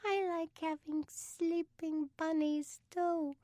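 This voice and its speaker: A woman's voice: very high-pitched, fairly even intonation, slow, dark tone, no room sound, clean studio sound, voice pushed up. A woman voicing a frightened little girl who squeals and sounds tearful. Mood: sleepy.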